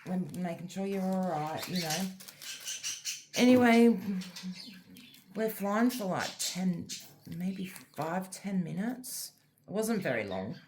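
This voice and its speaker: A middle-aged Australian woman chats casually as a crafting vlogger, talking in a rather low voice. She rambles through her story with plenty of fillers. A faint hiss with small clicks sits under the recording. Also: expressive, slow, long pauses, darkish tone. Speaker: diamond art vlogger. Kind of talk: casual chat while crafting.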